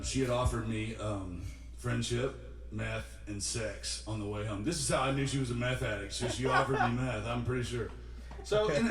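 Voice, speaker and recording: A young man, a singer-songwriter, tells a rambling, self-deprecating story between songs at a live-streamed studio show. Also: medium pitch. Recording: roomy studio, mic at a distance.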